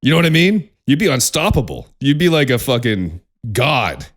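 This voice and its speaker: A young podcast co-host in loose, profane casual chat. His fairly low voice swings widely up and down, and he laughs often. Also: big pitch swings, moderate pace, a bit bright.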